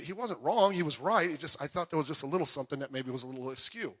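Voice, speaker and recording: A man's voice: on the high side, fast talker, fairly bright tone. A man preaching a sermon in a church, talking conversationally with frequent asides and personal stories. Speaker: pastor. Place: church sanctuary. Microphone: PA microphone heard through speakers.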